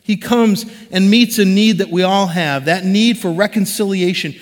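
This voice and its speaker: A man in his forties with a high voice, preaching a sermon as a pastor. He talks conversationally and animatedly, slipping into the voices of the people he quotes. His voice rings with the long reverb of a large church hall. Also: moderate pace.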